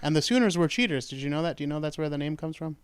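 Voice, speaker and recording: A man's voice: on the high side, expressive, racing, clear, resonant tone, no room sound. A man hosting a true-crime talk show, telling the story in a rambling, jokey way and correcting himself as he goes. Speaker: podcast host. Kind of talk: casual true-crime chat.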